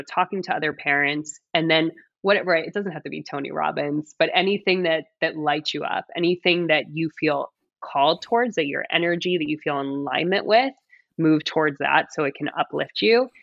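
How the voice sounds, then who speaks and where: A woman's voice: sits low, fairly quick, gravelly, fairly bright tone, no room sound, lo-fi sound. A woman in her thirties, a mother and coach, talking earnestly as a podcast guest, with many "like"s and "right?"s. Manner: earnest, heartfelt, frequent "like" and "right?". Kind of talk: reflective interview conversation.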